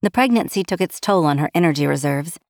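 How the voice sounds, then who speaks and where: A woman reads a novel aloud in a steady, even storytelling voice. Her voice sits a little low, close and dry with no room sound. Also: quick pace, no room sound. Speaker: narrator. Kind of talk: audiobook narration.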